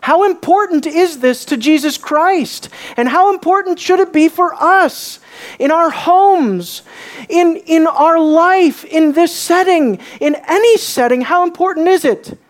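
A woman preaching a sermon, emphatic, swinging from raised questions to quiet, low emphasis. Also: measured pace. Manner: emphatic, rising and dropping to quiet for effect.

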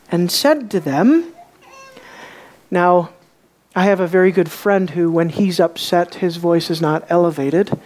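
A woman preaching a sermon, emphatic, swinging from raised questions to quiet, low emphasis. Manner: emphatic, rising and dropping to quiet for effect.

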